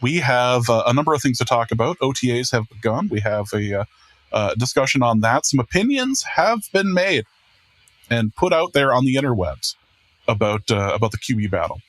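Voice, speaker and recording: A man's voice: mid-range voice, big pitch swings, moderate pace, no echo. A man hosting a casual podcast, self-deprecating and rambling with restarts. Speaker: podcast host and producer. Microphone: podcast microphone.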